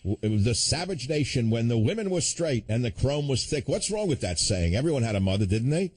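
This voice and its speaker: A male radio host takes calls and comments on them in a combative, sardonic tone. He often breaks into chuckling asides. His voice sits at an average pitch for a man. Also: big pitch swings, a little fast, darkish tone. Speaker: radio talk show host. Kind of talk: call-in talk radio.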